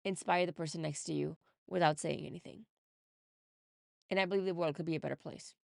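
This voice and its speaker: A woman's voice: fairly low pitch, fairly even intonation, a little fast, creaky, dry recording, studio quality. A woman podcast host and mindset coach, talking earnestly and encouragingly to her listeners in a motivational monologue. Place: home recording setup in the UK.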